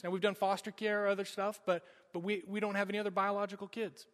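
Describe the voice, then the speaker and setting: Man preaching, high bright voice, big echoey hall, goes loud then hushed telling his story. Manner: dramatic storytelling, swinging from loud urgency to hushed. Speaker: pastor. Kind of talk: sermon with personal story. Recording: long hall reverb.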